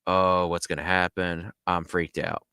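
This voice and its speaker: A nervous young soldier stammers his worries aloud, the voice sitting fairly low. A man acts him out in a dry, close recording with no room sound. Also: flat delivery, a little slow, sharp tone, smooth, dry recording. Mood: panicked. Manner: anxious, stammering. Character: panicked young male soldier at a monitor.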